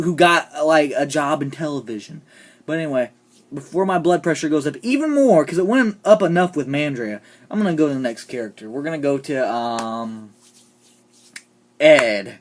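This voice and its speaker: A vlogger ranting casually about TV characters, opinionated and sarcastic, often trailing off into quiet asides. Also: mid-range voice, a little fast. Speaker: TV show reviewer.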